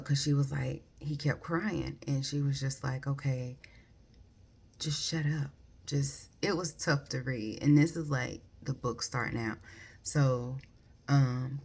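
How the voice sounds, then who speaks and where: Female book vlogger, very deep gravelly voice, loose rambling delivery. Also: a little mellow. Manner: rambling, many ums and likes, self-correcting. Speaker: book reviewer. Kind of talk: casual book review vlog.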